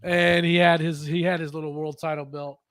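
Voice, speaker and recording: A man's voice: a little high, little pitch movement, fairly quick, fairly bright tone, no echo, studio quality. A man hosting a casual wrestling chat podcast, often stammering and restarting his sentences. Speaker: podcast host.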